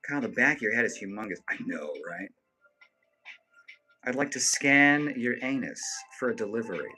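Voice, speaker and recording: A man's voice: medium pitch, lively intonation, normal speed, pushed and bright, faint music behind. A man hosting a casual livestream, reading viewer comments aloud and answering with joking, profane banter. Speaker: live streamer.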